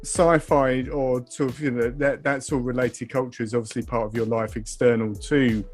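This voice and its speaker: A man's voice: mid-range voice, level tone, moderate pace, faint music behind. A man co-hosting an interview, asking questions with searching, hedging phrasing. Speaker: podcast co-host. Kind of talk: casual interview chat.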